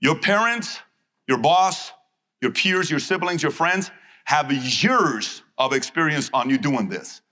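A man's voice: a little high, lively intonation, takes it slowly, sharp tone. A man giving a live seminar speech to an audience, emphatic and punchy, repeating his key phrases. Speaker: motivational speaker.

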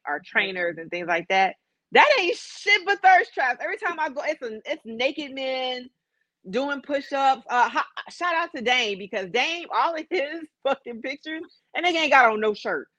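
A woman's voice: a little high, bright, forceful tone, no echo. Woman, from Chicago, casual co-host, candid, profane, dry dull sound. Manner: candid, profane, laughs through her stories. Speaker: podcast co-host. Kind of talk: casual chat.

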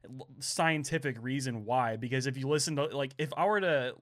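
A man from Oklahoma with a light Southern accent, co-hosting a casual podcast and rambling quickly with many fillers. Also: medium pitch, fairly bright tone. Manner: rambling, fast, lots of fillers. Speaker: podcast co-host.

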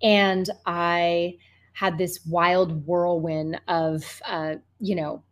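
A woman in her thirties, a love coach being interviewed, telling personal stories in a lively way, laughing often and saying "like" and "you know" a lot. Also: on the low side, drawn-out words. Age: 30s. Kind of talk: casual storytelling interview.

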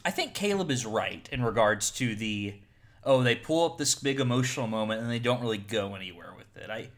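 A man hosts a casual film discussion podcast with a very animated, swooping delivery. He often doubles up words as he gets going. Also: mid-range voice, a little fast. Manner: animated, repeats words when starting. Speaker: podcast host. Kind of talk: casual movie review chat.

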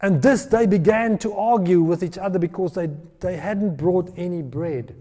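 A man preaching a sermon, retelling a scripture story with lively, acted-out voices. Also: high-pitched, moderate pace. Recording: long hall reverb.

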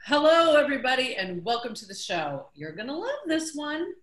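A woman's voice: high-pitched, very animated, moderate pace, a bit bright, echoey room, soft background music. A woman hosting a podcast, chatting in an upbeat, jokey way. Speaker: podcast host. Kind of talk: casual chat. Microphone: video call.

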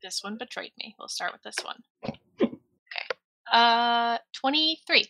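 A woman's voice: on the high side, animated, a little slow, pushed and bright. A woman playing in a tabletop game, curious and asking questions. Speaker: player.

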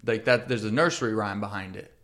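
A man's voice: lowish voice, fast talker, a bit bright. A man co-hosting a casual podcast chat, arguing his point, swearing and laughing at himself.

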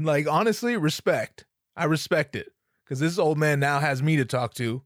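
A man's voice: on the high side, lively intonation, moderate pace, no echo, clean studio sound. A man telling a comic story in a casual, rambling way, swearing often and stumbling over his words. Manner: profane, rambling, self-interrupting. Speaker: comedian.

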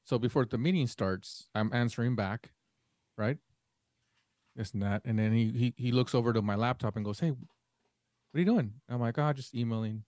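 A man's voice: medium pitch, normal speed, pauses often, a little mellow, no room sound, studio quality. A man co-hosting a podcast, telling a long story in casual chat and acting out the dialogue in it. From Mexican family. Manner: rambling storyteller, acts out quoted dialogue. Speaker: podcast co-host.

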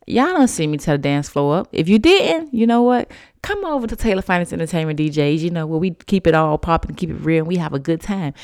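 A woman's voice: on the low side, very animated, fast, a little mellow, clear, resonant tone, dry recording, clean studio sound. Chatty woman podcasting. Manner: chatty, rambling, uses "y'all" and "you know"; eating and sipping tea while talking. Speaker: podcast host. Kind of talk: casual solo podcast chat.

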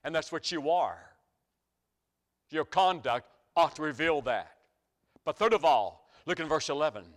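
A man's voice: a little high, expressive, a little slow. A middle-aged man, preaching a sermon with folksy stories that climb to emphatic peaks.

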